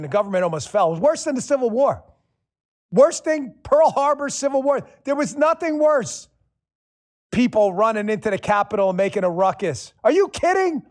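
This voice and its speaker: A man hosting a political talk show, delivering a sarcastic, combative monologue and swearing freely. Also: sits high. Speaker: show host.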